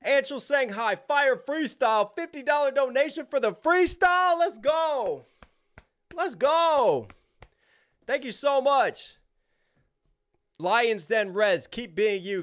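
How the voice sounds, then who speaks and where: A man's voice: a little high, a bit bright. A young man hosting a livestream, chatting casually and reading out viewer names and donations. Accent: American.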